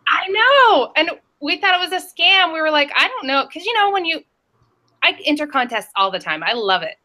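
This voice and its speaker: A woman's voice: high voice, fairly quick. A woman reseller talking on a video call, chatty and rambling as she tells stories. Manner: chatty and rambling, lively storytelling. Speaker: reseller on a panel show. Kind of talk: casual chat.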